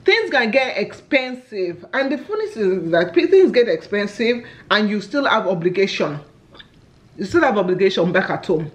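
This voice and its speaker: A Nigerian woman with a Nigerian English accent chats while eating on camera as a family vlogger, telling lively stories and exclaiming often. Her voice is medium-pitched at a moderate pace.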